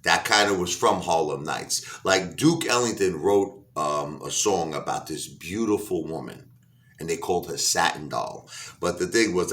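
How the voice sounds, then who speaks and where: A man vlogging, casually telling a story with animated asides and frequent laughter. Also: low-pitched. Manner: animated, laughing often, self-correcting asides.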